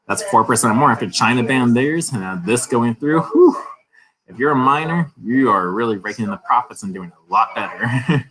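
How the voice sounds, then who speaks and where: A man with a medium-pitched voice hosts a crypto news channel, reading articles aloud and breaking off for chatty asides and laughs. The recording is rough.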